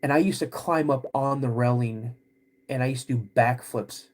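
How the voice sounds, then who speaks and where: A podcast host telling a personal story in a halting, casual way, with many restarts. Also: male voice, mid-range voice, a little hiss or hum.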